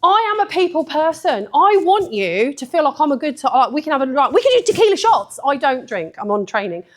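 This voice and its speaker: A woman's voice: high voice, sing-song, fairly quick. A woman giving a blunt, sweary, chatty talk at a photography event, laughing often. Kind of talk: live conference talk.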